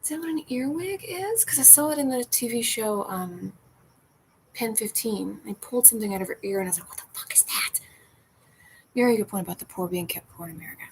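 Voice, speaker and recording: A woman's voice: a little high, animated, quick pace, darkish tone, a little hiss or hum, low-quality recording. A woman chatting casually at home during a livestream, rambling, restarting her sentences and sometimes dropping into a whisper. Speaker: streamer reading chat.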